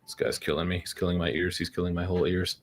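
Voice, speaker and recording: A man's voice: sits low, flat delivery, fast. A man streaming his day trading with sarcastic, joking asides while nursing a headache. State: suffering a headache. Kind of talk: casual livestream commentary.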